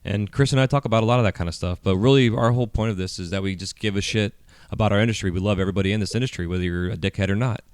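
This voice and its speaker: Low-voiced, rambling middle-aged podcast host. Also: male voice, very fast, darkish tone, smooth, no room sound, studio quality. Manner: rambling, profane, heavy with fillers. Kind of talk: casual podcast chat. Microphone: handheld mic.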